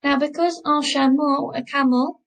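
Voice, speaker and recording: A woman teaching a school French class, speaking slowly and patiently and repeating each word twice. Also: high voice, steady tone, low-quality recording. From England. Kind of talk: classroom lesson explaining French grammar.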